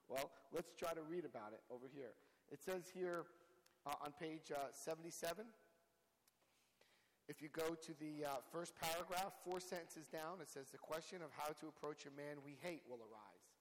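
A man's voice: fairly high pitch, normal speed. A man speaking candidly to a recovery group, telling his own story and reading passages aloud for the group to mark. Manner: candid, storytelling, reads aloud and asks listeners to circle words. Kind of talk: testimony and text study. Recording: long reverb in a hall.

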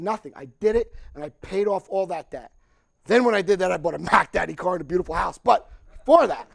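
A middle-aged man tells his recovery story with lively energy, often acting out other voices and laughing. His voice sits high with a gravelly edge. The sound is dry and close. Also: no echo. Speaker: recovery speaker. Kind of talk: personal recovery talk.

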